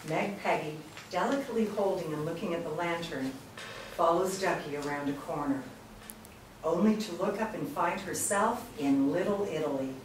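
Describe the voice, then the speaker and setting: Woman reading screenplay directions, low voice, very echoey room, distant mic, faint noise. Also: normal speed. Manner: reads stage directions steadily. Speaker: narrator. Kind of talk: screenplay read-through.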